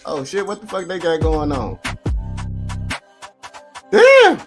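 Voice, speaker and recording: An American man hosting a reaction video, talking in a slangy, profane, animated way. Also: on the high side, fairly quick, over music. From United States. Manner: slangy, animated, swears constantly. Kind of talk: profane casual reaction commentary.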